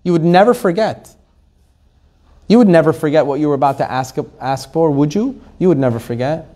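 A man, a rabbi, teaching a Torah class to a live audience, animated, asking the room questions and laughing often. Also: a little high, fairly quick.

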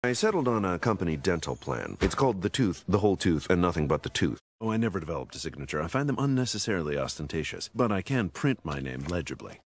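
Casting: a stiff literal guy, very deep voice, quick deadpan delivery, lively pitch. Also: slight background noise. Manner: deadpan, formal and precise.

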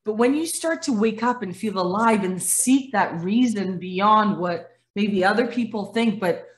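A woman's voice: medium pitch, a little slow. A woman in her forties from Dominica who grew up in Canada, talking as a guest on a video call and acting out the voices in her stories. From Dominica, raised in Canada. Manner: animated storyteller, acts out quoted voices, laughs often. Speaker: guest speaker, former athlete.

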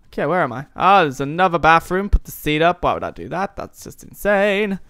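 A man's voice: on the high side, very animated, fairly quick, few pauses, sharp tone, clean tone, no room sound. A young man hosting a let's-play, giving sarcastic, rambling commentary and swearing freely. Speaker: gaming channel host.

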